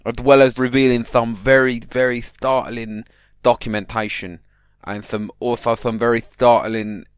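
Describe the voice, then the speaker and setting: Rambling comedy podcast host. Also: male voice, mid-range voice, level tone, normal speed, smooth, no room sound, studio quality. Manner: mock-paranoid, rambling, self-interrupting; addresses the listener directly. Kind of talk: mock-serious comic monologue.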